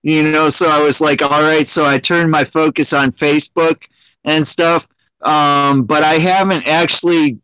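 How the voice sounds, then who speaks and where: A man's voice: fairly high pitch, steady tone, a little slow, bright, forceful tone, smooth, no echo, poor audio. A man chatting casually on a livestream, rambling with many restarts and frequent laughs. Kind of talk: casual chat.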